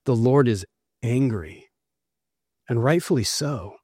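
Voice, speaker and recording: A man's voice: medium pitch, animated, slow pace, darkish tone, breathy edge, no echo, clean studio sound. A man preaching an expository sermon, earnest and emphatic as he explains and reads scripture. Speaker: pastor.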